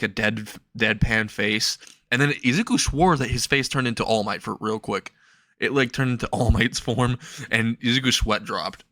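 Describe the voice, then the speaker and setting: A man's voice: medium pitch, sharp tone, no room sound. Young male narrator, loose and rambling, dry close mic. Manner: casual, rambling, laughing asides. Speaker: fan fiction narrator. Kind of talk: casual storytelling.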